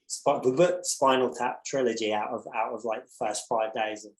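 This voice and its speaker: A man's voice: medium pitch, fairly even intonation, normal speed, echoey room, low-quality recording. A man, a musician guest on a podcast, telling a long tour story in a rambling, profane way, full of restarts. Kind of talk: casual anecdote telling.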